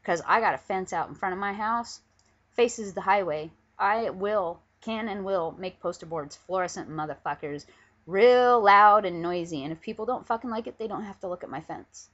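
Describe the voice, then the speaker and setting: This is a home webcam rant from a female vlogger, furious, emphatic and full of swearing, delivered at normal speed in a mid-range voice. The audio is dull and lo-fi, captured by a camera lying on a pillow.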